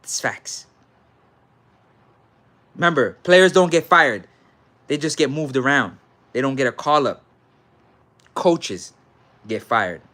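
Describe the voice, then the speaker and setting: A man's voice: medium pitch, expressive, measured pace, long pauses, pushed and bright. A man with a Jamaican accent hosting a live sports talk stream, reading viewer comments and repeating his points with patois mixed in. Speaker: sports talk show host.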